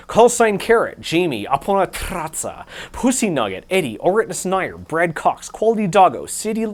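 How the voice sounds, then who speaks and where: A man hosting a maker channel, talking with irreverent, deadpan humor and reading out a long list of supporter names. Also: fairly high pitch. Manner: irreverent, deadpan jokes, rapid name list. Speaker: YouTube maker host. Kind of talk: sarcastic tech talk and patron shout-outs.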